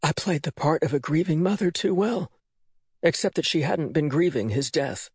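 A man reading an audiobook, narrating in an expressive, dramatic way. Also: on the high side, moderate pace, breathy edge, dry recording, clean studio sound. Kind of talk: scripted narration.

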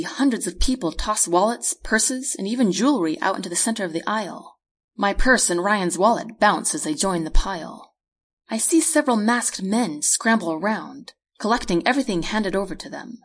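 A woman reading her own novel aloud as a measured first-person audiobook narration. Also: mid-range voice, husky. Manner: measured storytelling read.

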